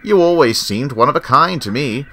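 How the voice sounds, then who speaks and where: A man's voice: medium pitch, expressive, normal speed, heavy background noise, natural voice. A man voicing a big, proud male express engine who boasts and gloats in a pompous way. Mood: boastful.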